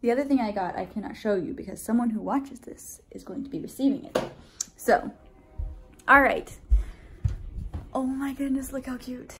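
A woman's voice: a little high, moderate pace, pauses often, fairly bright tone, slightly rough, low-quality recording. A woman vlogging casually at home, chatty and gushing. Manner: chatty, gushing, baby-talks to her dog. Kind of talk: casual vlog chat.

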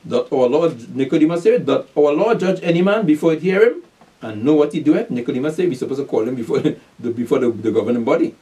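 A man's voice: a little high, expressive, quick pace, dark tone. A male preacher teaching a sermon, reading scripture and asking and answering his own questions in street slang. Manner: repeats "pay attention", asks and answers his own questions; reads scripture aloud, then explains it in street slang. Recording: voice from far off the mic.

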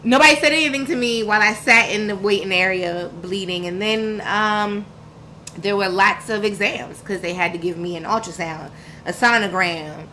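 This is a woman at normal speed, mid-range in pitch, bright and forceful, captured in a rough recording with slight background noise. Speaking as a podcast guest, she shares her own story frankly and emphatically, using slang and vivid quoted dialogue.

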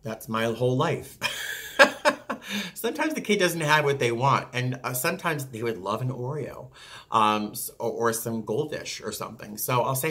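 Chatty guy flight attendant, bright forward voice, does little voices for passengers. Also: normal speed. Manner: chatty and animated, acts out passengers with pitch jumps. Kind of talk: casual talk to camera.

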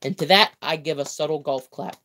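A young man hosting a livestream, reading a comic book aloud in a playful, theatrical way, with chatty asides, drawn-out words and self-corrections. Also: on the high side, pushed and bright. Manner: playful, theatrical reading with mock-grand exclamations. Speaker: livestream host.

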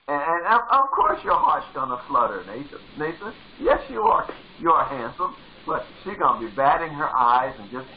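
A man's voice: fairly high pitch, wildly swooping pitch, normal speed, few pauses, phone-quality sound. A male pastor preaching a sermon with fervor, driving points home by repeating phrases. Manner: fervent, repeats phrases for emphasis.

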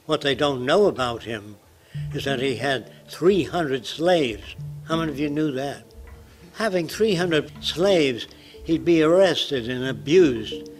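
A man's voice: a little high, expressive, slow, faint music behind, rough recording. Blunt elderly man lecturing. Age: 90s. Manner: blunt, provocative. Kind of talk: public lecture.

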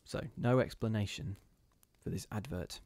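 A man's voice: lowish voice, normal speed, darkish tone, no room sound. A man hosting a live ghost story reading, chatting casually with his viewers between passages in a self-deprecating way.

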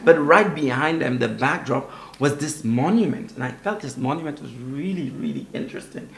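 A man from Saint Lucia in his forties talks through his memories in an interview, animated and expressive. His voice sits a little high for a man, and the room around him rings with echo. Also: normal speed, creaky. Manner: animated, expressive, often asks "you know what I mean?". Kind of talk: casual storytelling in an interview. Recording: roomy echo.

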